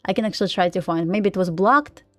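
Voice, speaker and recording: A woman with a Russian accent chatting casually on a live trading stream, full of "like" fillers and quick laughs. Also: medium pitch, a bit bright, no echo, soft background music. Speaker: live-streaming day trader.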